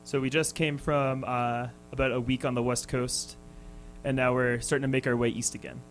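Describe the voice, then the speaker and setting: A man's voice: medium pitch, little pitch movement, normal speed, a little hiss or hum, poor audio. A young man, a touring musician, telling a story on a radio show with lots of ums and restarts. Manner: hesitant, full of ums and restarts, laughing often. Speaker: touring band musician, guest. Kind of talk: casual storytelling in an interview. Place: radio studio.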